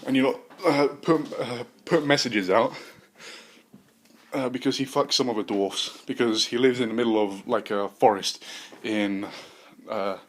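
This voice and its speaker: A man's voice: mid-range voice, measured pace. Rambling man improvising a comic story. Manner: rambling, profane, many fillers and restarts. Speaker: podcast host.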